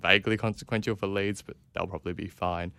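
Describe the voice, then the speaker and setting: A man's voice: deep voice, fairly even intonation, fast, creaky, sharp tone, smooth, no room sound. A man co-hosting a casual football podcast, wry and self-mocking, rambling a little as he talks. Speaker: podcast co-host.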